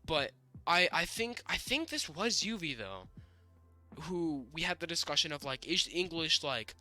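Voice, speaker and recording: A man's voice: a little high, big pitch swings, measured pace, bright, forceful tone, faint music behind. A young man from the northern United States, co-hosting a podcast in casual chat, rambling with many restarts and fillers, sounding a bit sick. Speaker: podcast co-host.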